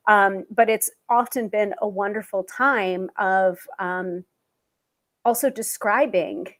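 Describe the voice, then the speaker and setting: A woman's voice: mid-range voice, fairly even intonation, takes it slowly, a bit bright. A woman hosting a live tarot stream, talking casually with many fillers and restarts.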